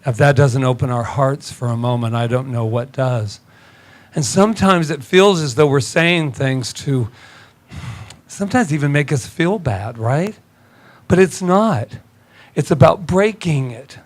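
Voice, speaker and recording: A male minister giving an animated, conversational sermon in a church, laughing often and rising in pitch as he gets excited. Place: church sanctuary.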